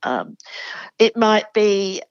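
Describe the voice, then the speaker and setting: A woman's voice: mid-range voice, expressive, extremely slow, clear, resonant tone, no room sound, highs cut off. An Australian woman, a literacy educator, explaining classroom spelling enthusiastically in a podcast chat. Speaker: literacy educator, show regular. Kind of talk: conversational podcast interview.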